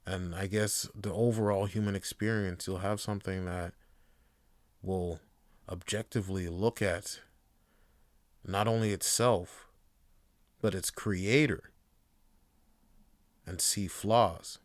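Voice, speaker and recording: Smooth-voiced man ranting on a podcast. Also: deep voice, steady tone, slow, long pauses, no echo. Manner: ranting, profane, rambling. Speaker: podcast host. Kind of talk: casual podcast monologue.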